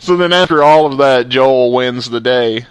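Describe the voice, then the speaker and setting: A man's voice: mid-range voice, moderate pace, smooth, no room sound. A man co-hosting a casual chat, asking follow-up questions, laughing often and swearing casually.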